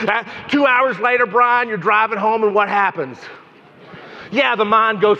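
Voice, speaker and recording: Animated man on stage in an echoing hall. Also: very high voice, normal speed. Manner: animated, repetitive, addresses audience members by name. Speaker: memory trainer giving a keynote. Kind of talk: energetic stage talk to a live audience. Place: large conference hall. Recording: hall reverb, dull lo-fi sound.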